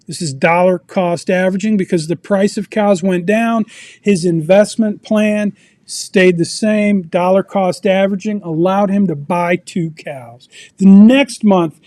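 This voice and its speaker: High-voiced man teaching finance with questions. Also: a little mellow, no echo. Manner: asks the audience questions, storytelling. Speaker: personal finance presenter. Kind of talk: interactive teaching talk. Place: video meeting.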